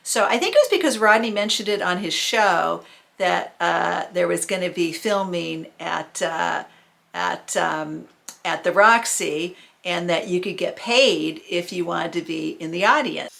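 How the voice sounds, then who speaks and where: Gravelly-voiced older woman reminiscing casually. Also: on the low side, fairly bright tone, low-quality recording. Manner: rambling, many fillers, quick self-mocking laughs. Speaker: vlogger recalling the early punk scene. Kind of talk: casual spoken memoir.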